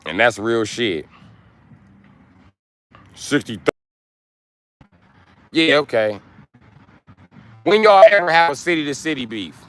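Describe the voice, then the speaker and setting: A man in a mid-pitched voice rants to his live chat, brash and crude. He taunts and repeats words over and over for emphasis. He speaks outdoors near parked vehicles. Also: lively intonation, takes it slowly, pauses often. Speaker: livestreamer. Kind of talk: live stream rant to chat.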